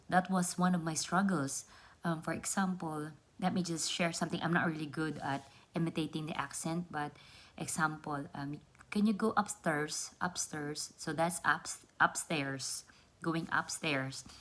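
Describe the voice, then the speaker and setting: A young woman talks straight to her viewers in a relaxed vlog. Her voice sits low for a woman. She explains things earnestly and repeats words to make her point. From Philippines. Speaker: vlogger. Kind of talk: casual vlog talk.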